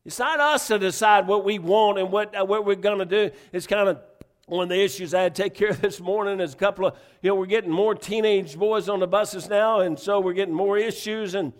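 Fervent high-voiced preacher man. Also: brisk. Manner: fervent, repetitive, conversational preaching with restarts. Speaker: pastor. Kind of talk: sermon.

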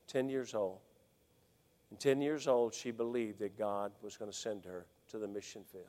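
A middle-aged man preaching a folksy sermon, swinging between loud exhortation and hushed storytelling. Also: on the low side, fairly even intonation, moderate pace. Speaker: pastor. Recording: long hall reverb.

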